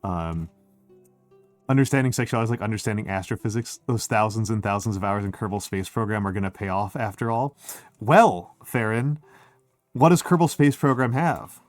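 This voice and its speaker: Rambling male streamer, low and dry. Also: moderate pace, no room sound, faint music behind. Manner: rambling and self-interrupting, with many fillers and restarts; wry and joking. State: short on sleep. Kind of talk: casual chat on a livestream.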